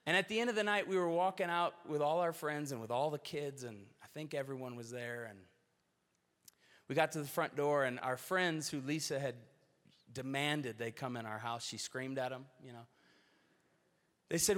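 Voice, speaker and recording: Pastor preaching in a reverberant hall. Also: male voice, medium pitch, normal speed, fairly bright tone. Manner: earnest, storytelling, varied emphasis. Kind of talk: sermon.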